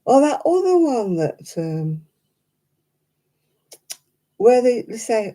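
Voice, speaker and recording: Chatty British woman, dark husky voice. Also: big pitch swings, takes it slowly, pauses often. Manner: chatty, mimics others in high voices. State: struggling with hand pain. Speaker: livestream host. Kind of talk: casual livestream chat.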